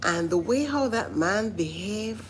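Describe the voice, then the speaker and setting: A woman's voice: mid-range voice, animated, unhurried, slight background noise, low-quality recording. A woman giving casual commentary to live viewers, earnest and repetitive, often stopping to say listen. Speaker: vlogger reacting to a reality show.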